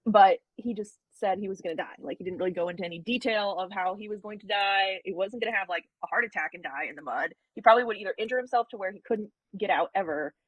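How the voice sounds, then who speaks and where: A woman guest on a podcast reasons aloud in casual chat. She talks very fast. The sound is dry and close. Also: mid-range voice, no room sound, muffled recording.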